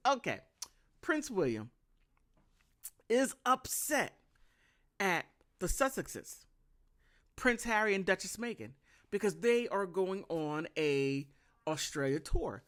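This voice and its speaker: Slow, lively American woman commentator. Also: mid-range voice. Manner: animated, sarcastic, laughs often. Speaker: vlogger. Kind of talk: casual commentary.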